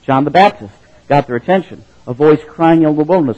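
A man preaching in a slightly high voice, relaxed and chatty with little jokes. He swells into loud, dramatic quotes of scripture now and then. The sound is dull and lo-fi. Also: a little fast. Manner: conversational, chuckling asides, rising to loud dramatic quotes. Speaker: pastor. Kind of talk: sermon.

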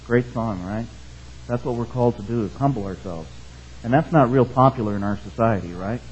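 A man's voice: mid-range voice, fairly quick, a little mellow, a little hiss or hum. A man preaching a sermon, reading scripture and often checking in with his congregation. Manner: conversational, keeps checking in with the congregation. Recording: dull, muffled sound.

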